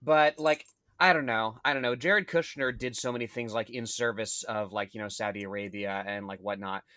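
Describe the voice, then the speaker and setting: A man co-hosting a podcast in casual chat, with dry, dark, sarcastic humor. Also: lowish voice, fairly even intonation, moderate pace, no echo. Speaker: podcast co-host.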